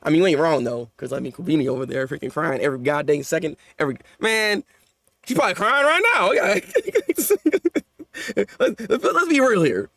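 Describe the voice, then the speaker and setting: Animated, high-voiced man reacting live. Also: moderate pace, vocal fry, dry recording, studio quality. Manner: animated, slangy, stammers and repeats words. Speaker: manga reaction YouTuber.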